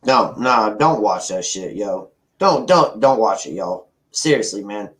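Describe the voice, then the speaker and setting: A man joining a livestream as co-host, with a lively voice that moves up and down a lot. He talks in short, blunt bursts full of casual slang. His tone is emphatic and direct. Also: lowish voice, unhurried.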